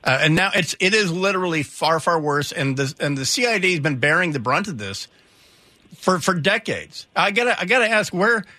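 Wry, bright-voiced talk radio host. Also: male voice, sits high, expressive, fairly quick, no room sound. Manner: wry, joking, with stammered restarts. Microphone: studio microphone.

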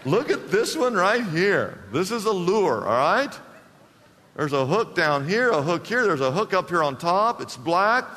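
A man's voice: sits high, sing-song, a little slow, bright, forceful tone. A man preaching a sermon to a congregation, emphatic and repetitive, asking the people to respond. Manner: emphatic preaching, repeats phrases, asks the congregation. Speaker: pastor. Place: church sanctuary. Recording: long reverb of a church hall.

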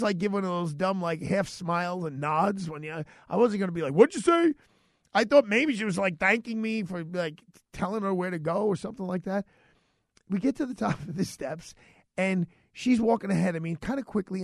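A man hosting a radio show, telling a story in a chatty, animated way and acting out the dialogue. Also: sits high, brisk, dry recording, studio quality. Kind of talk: casual storytelling monologue.

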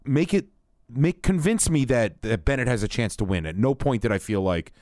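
A man's voice: mid-range voice, lively intonation, moderate pace, darkish tone, no room sound, clean studio sound. A man who produces and co-hosts a casual talk show, joking and firing back playfully. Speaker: producer and co-host. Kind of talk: casual sports and wrestling chat.

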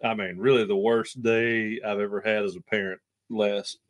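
Young male co-host with a lowish voice. Rambling, heartfelt storyteller who restarts his sentences a lot. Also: flat delivery, moderate pace. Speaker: podcast co-host. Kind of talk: casual chat, storytelling.

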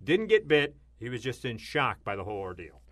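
Animated man telling odd news stories. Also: medium pitch, fairly quick. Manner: animated storytelling with sudden loud exclamations. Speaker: radio show co-host. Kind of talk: casual chat reading odd news stories.

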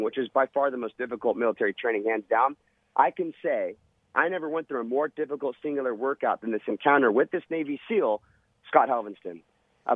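A man's voice: medium pitch, slightly rough, dry recording. A man, a former Navy SEAL, telling a vivid, dramatic story in an interview. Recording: tinny phone-line sound.

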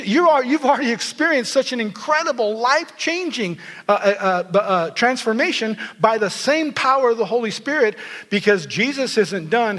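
Guy preaching, high voice, acts out the story bits, long echo from a big hall. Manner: animated storytelling, acts out quotes. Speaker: pastor. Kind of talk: sermon.

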